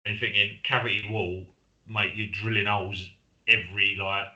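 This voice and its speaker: A middle-aged Englishman with a low, very bright and forceful voice, talking casually as a podcast co-host. He rambles through stories and acts out what friends said to him. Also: flat delivery, normal speed, lo-fi sound. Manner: chatty storyteller, acts out quoted friends. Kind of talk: casual chat.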